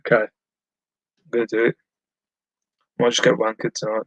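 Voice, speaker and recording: Male live-streamer, mid pitch, rambling and self-mocking, answering chat at home, dry close sound. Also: monotone, moderate pace, vocal fry, a bit bright, dry recording, low-quality recording. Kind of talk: casual chat while reading live chat.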